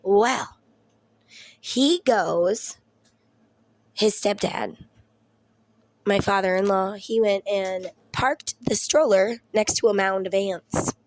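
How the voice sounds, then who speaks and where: A Southern US woman in her thirties, a mom vlogger, chats casually at home in a medium-pitched voice, taking her time with long pauses. She rambles and swears her way through her stories.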